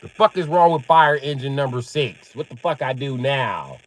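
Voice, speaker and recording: A man live-streaming a casual comedic rant. He swears heavily, laughs at his own jokes and acts out other people in loud, high yelps. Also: animated, moderate pace, slight background noise, rough recording. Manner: profane, jokey storyteller.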